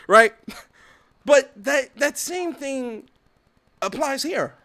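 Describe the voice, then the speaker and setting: A man's voice: very high-pitched, expressive, extremely slow, sharp tone. A man hosting a podcast, ranting in opinionated solo commentary, swearing freely and acting out little dialogues. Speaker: podcast host.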